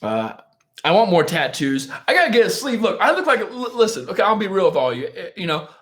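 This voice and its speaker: A man's voice: high voice, very animated, brisk, fairly bright tone. A man hosting a live stream, chatting casually and answering viewer questions in a joking, self-mocking, rambling way, often laughing.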